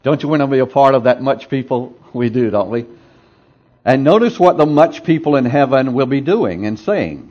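A man's voice: mid-range voice, animated, measured pace, pauses often, darkish tone, muffled recording. A man preaching a sermon, emphatic and repeating phrases for effect, asking the congregation to answer him. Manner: asks the congregation for responses.

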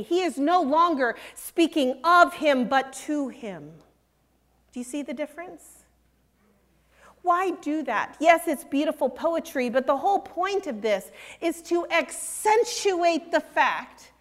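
Female preacher, high voice, earnest sermon delivery, drops soft for scripture, big reverberant church. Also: animated, slow pace. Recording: long reverb of a large hall.

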